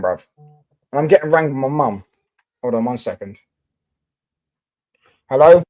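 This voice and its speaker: A man's voice: mid-range voice, animated, measured pace, darkish tone. A young man live-streaming about football, chatting casually and answering viewer comments with lots of fillers and restarts.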